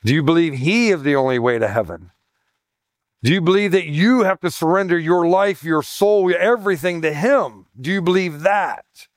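A man's voice: on the high side, animated, normal speed, dry recording, clean studio sound. A middle-aged male pastor giving a conversational sermon, emphatic, repeating his points and dropping folksy asides.

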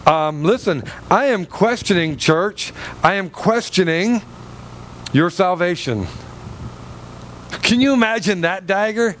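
Pastor guy preaching hard in church, kinda high voice, little bit of hiss behind. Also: lively intonation, takes it slowly, pauses often, fairly bright tone. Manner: fervent, rhetorical questions, dramatic pitch swings. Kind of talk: sermon.

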